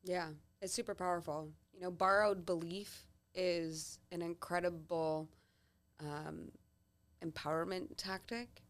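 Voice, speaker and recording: A woman's voice: lowish voice, steady tone. A woman hosting an interview, encouraging and upbeat, affirming her guest often. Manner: encouraging, frequent affirmations and quick laughs. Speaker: podcast host. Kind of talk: interview conversation.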